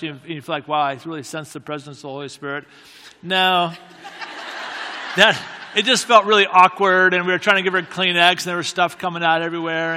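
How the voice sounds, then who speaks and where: A man's voice: a little high, pushed and bright, slight background noise. Man telling a rambling story in a hall. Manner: halting, self-deprecating, with many restarts. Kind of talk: anecdotal storytelling talk.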